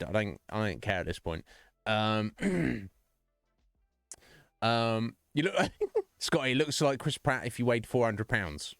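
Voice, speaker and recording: A rambling man chatting at the end of a stream, his voice sitting low and close on a dry microphone. Faint music plays behind him while he jokes and laughs between thoughts. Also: dry recording. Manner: rambling, jokey, laughs often. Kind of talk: casual stream sign-off chat.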